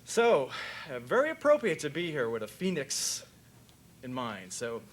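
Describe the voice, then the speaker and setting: A man's voice: medium pitch, huge pitch swings, a little slow. An older man, a veterinarian, giving a rambling, jokey conference lecture.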